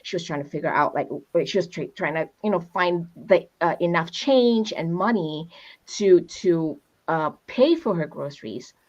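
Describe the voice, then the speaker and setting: A woman on a panel talking casually, telling a heartfelt story with lively emphasis and a habit of asking "right?". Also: on the low side, moderate pace, highs cut off. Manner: expressive, storytelling, repeats "right?". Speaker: panel speaker. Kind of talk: conversational panel talk.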